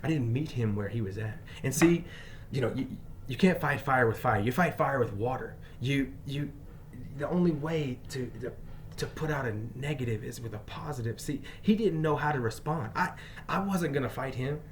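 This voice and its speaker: A male teacher telling a personal story in an emphatic way, moving between loud bursts and quiet asides. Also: medium pitch, animated, moderate pace, a little hiss or hum. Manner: frequent fillers and restarts.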